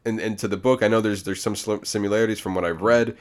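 A man co-hosting a casual movie podcast, retelling shows in an animated way. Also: on the low side, fast talker. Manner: animated, acts out scenes while retelling. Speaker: podcast co-host. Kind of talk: casual chat.

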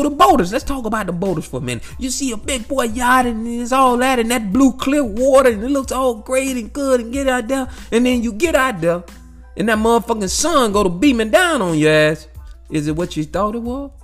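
Speaking briskly in an extremely high voice, a male vlogger addresses his audience directly in a loose, profane talk about life. He's animated, keeps repeating himself, and drops "you know what I'm saying" again and again over soft background music.

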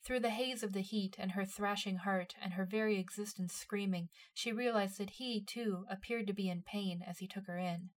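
A woman's voice: medium pitch, steady tone, moderate pace, few pauses. Woman reading a story aloud. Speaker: narrator. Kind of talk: storytelling narration of fan fiction.

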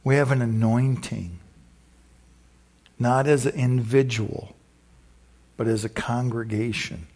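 A middle-aged man preaching as a pastor, in a rambling, exuberant way with sudden whooping shouts, then leading a prayer. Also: fairly low pitch. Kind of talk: sermon with closing prayer.

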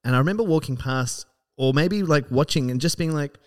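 A man co-hosts a podcast with a fairly high, slightly quick voice, spinning stories in relaxed conversation. He's a lively storyteller who performs other people's lines as he quotes them.

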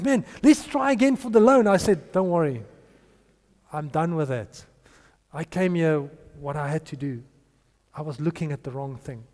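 A man's voice: fairly high pitch, darkish tone, big-room sound. A man preaching a sermon and telling a story, acting out the dialogue in changing voices.

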